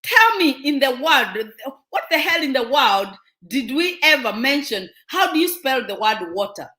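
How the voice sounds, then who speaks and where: A woman's voice: high-pitched, sing-song, moderate pace, sharp tone. A Kenyan woman with a Kenyan accent hosting her show, lecturing viewers in a fervent, scolding way full of rhetorical questions. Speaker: show host. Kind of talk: impassioned monologue to viewers. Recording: echoey room.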